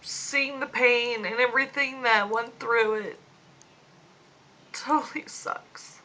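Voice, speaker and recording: A grieving young woman in her late twenties records a personal video diary on her phone. She talks slowly and haltingly, holding back tears. Her voice is fairly high and bright. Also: steady tone, slight background noise, rough recording. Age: 20s. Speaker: vlogger. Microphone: phone camera.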